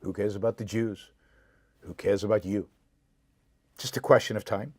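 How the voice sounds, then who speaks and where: A man's voice: lowish voice, fairly even intonation, normal speed, darkish tone, husky, no echo. A man hosting his own show, giving impassioned political commentary, repeating points for emphasis and answering viewer comments directly. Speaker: show host.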